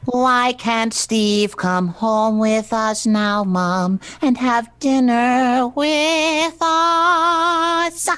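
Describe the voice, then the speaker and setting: A woman's voice: a little high, fairly even intonation, extremely slow, a bit bright, smooth. A woman doing an eager little boy. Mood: pleading. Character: eager young boy Timmy.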